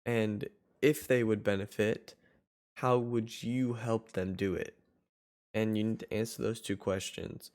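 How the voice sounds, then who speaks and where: Speaking a little slowly in a low, steady, darkish voice, this online course coach guides viewers step by step. His tutorial is casual and rambling, full of self-corrections and restarted sentences.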